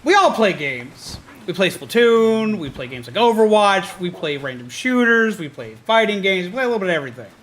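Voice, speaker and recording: A man's voice: sits high, very animated, fairly quick, hardly any pauses, fairly bright tone, a little hiss or hum. A man streaming a game in casual, goofy chat, who also talks to his pet bird. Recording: game music playing under the voice.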